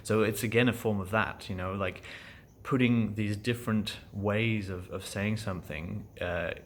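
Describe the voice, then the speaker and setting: A man with a low voice and a German accent reflects on acting exercises in a relaxed vlog. He talks in a halting, thoughtful way, full of "um"s and restarts. A faint hiss of ambience sits behind him. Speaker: actor vlogging about acting class.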